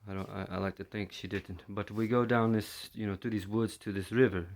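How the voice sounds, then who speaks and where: Guy from london telling his story, lots of um and you know, low and flat. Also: brisk. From London, England. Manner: hesitant, heavy with fillers and restarts. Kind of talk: first-person storytelling monologue.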